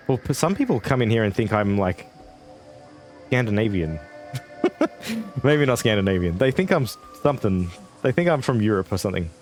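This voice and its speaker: A man in his twenties giving casual, rambling live gameplay commentary and chatting with viewers. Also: on the low side. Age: 20s. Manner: casual, chatty, rambling, answers chat between fights. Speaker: game streamer.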